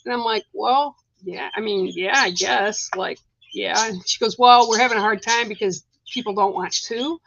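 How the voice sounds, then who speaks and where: A woman's voice: medium pitch, moderate pace, creaky, a bit bright, muffled recording, slight background noise. Chatty woman giving card readings. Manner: chatty, rambling, many fillers and restarts. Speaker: spiritual card reader. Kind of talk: casual live-stream reading.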